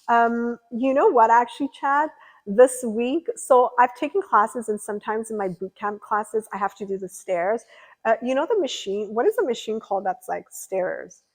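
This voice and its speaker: A woman's voice: a little high, normal speed, poor audio. Chatty young woman livestreamer. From California. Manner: chatty and rambling, lots of fillers. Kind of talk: casual chat reading viewer comments.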